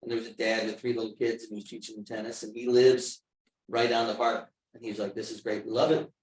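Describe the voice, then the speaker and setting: A man's voice: on the low side, level tone, fast. Man talking in a roomy meeting hall. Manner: conversational, tells anecdotes. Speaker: village board member. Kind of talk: meeting discussion. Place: village meeting room. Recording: roomy meeting hall with faint background noise.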